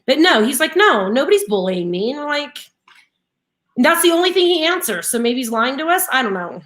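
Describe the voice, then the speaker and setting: This live stream co-host, a woman in her thirties, has a high-pitched, brisk delivery on a laid-back morning show. Her animated stories come with laughter and occasional frustration.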